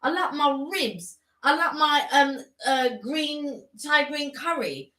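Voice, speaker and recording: A woman's voice: high-pitched, animated, slow, sharp tone. A woman co-hosting a live stream, chatting casually and emphatically about food. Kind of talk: casual chat. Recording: roomy echo.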